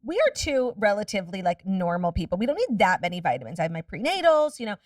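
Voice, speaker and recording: A woman's voice: mid-range voice, sing-song, no room sound, studio quality, far from the mic. A woman guest chatting casually on a podcast, candid and profane, telling stories in a rush. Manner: candid, profane, rapid storytelling.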